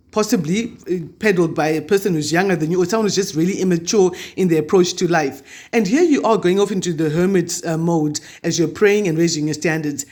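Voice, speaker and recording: Man, high-pitched voice, tarot reader, chatty, reassuring, spiritual guidance. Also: darkish tone. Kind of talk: weekly tarot reading to camera.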